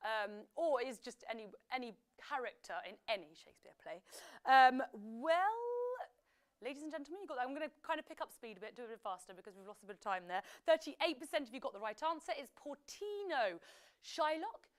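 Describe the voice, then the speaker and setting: A woman's voice: high voice, very animated, fairly quick. A young woman hosting a live quiz, chatty and jokey, with playful whispered asides. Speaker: quiz host.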